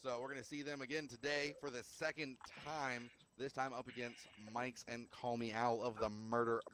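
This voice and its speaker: A man's voice: medium pitch, a bit bright, a little hiss or hum. A man casting a live game stream, joking and bantering between calls. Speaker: esports caster.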